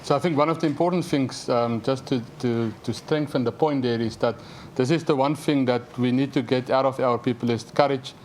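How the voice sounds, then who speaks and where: A man's voice: medium pitch, fairly quick, few pauses, a little mellow, a little hiss or hum. A man adding an emphatic point as a panelist.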